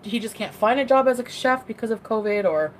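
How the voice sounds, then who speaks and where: A woman's voice: on the high side, animated, a little fast, slight background noise. A young woman talking casually to her viewers as an influencer, rambling with lots of "like" and restarts. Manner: rambling, full of "like" and trailing restarts. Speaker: social media influencer. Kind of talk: casual livestream chat.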